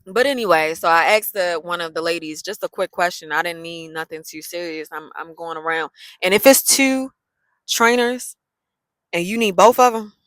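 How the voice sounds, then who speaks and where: Sassy, bright-voiced woman telling a story. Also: on the low side, normal speed, no echo, low-quality recording. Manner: animated, sassy, loose colloquial talk. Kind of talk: casual storytime vlog.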